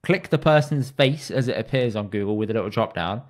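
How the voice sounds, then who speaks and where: A man's voice: on the low side, expressive, brisk. A man from the UK co-hosting a casual podcast chat, answering with wry, self-deprecating banter. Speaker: podcast co-host.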